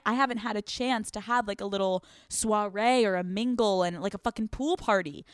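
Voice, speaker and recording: A woman's voice: mid-range voice, smooth, no echo, studio quality. A young woman from Pennsylvania hosting a podcast, rambling through a crude comedic monologue, swearing freely and laughing often. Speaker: podcast host.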